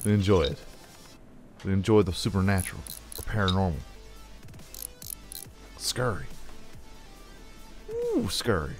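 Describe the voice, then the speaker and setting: Rambling, joking man with a low voice. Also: normal speed, long pauses, over music. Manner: rambling, jokey storytelling with playful sound effects. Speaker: let's play host. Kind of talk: casual gameplay chat. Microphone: desk microphone.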